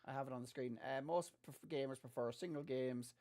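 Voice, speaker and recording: A man co-hosting a gaming podcast, chatting casually and telling animated stories. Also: mid-range voice, a little fast. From Ireland. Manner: chatty, animated storytelling with laughs. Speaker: podcast co-host. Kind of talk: casual chat.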